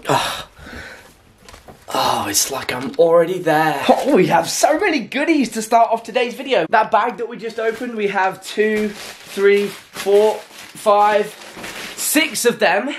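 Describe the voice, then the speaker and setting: A gushing, excitable young man, talking casually at home for his fitness vlog. His voice sits a little higher than most men's, and he rattles along in an eager, chatty way. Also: slow pace, slight background noise. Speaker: fitness vlogger. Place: at home indoors.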